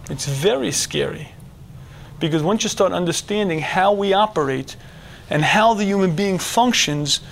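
A middle-aged man giving a religious lecture to men, animated, dropping to a hush and then shouting as he acts out inner voices. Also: high-pitched, a little hiss or hum. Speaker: religious teacher. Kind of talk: lecture to a men's audience.

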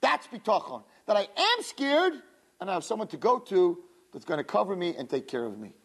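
This Torah teacher speaks fairly quickly in a medium-pitched voice with a breathy edge. Lecturing young women on religious topics, she brings stories to life, animatedly performing the characters' dialogue.

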